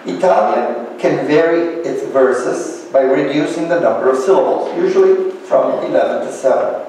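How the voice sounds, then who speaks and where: A man speaks to a live audience, explaining things in a measured lecture style with a touch of light humor. His voice sounds far from the microphone and carries a long, echoing reverb. A faint hum of room ambience sits behind him. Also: on the high side, dark tone. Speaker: author giving a public reading. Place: large lecture hall. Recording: echoey hall, voice from afar, faint ambience.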